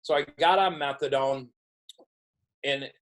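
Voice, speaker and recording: A man's voice: mid-range voice, unhurried, fairly bright tone, rough recording. A middle-aged man, a podcast guest, telling his recovery story and acting out other people's dialogue. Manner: storytelling, acts out quoted dialogue. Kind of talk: recovery story told in an interview.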